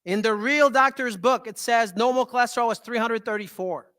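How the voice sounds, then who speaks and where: A man with a French Canadian accent, a holistic health doctor giving a live talk to an audience, animated and often asking "right?". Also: very high voice, fairly quick.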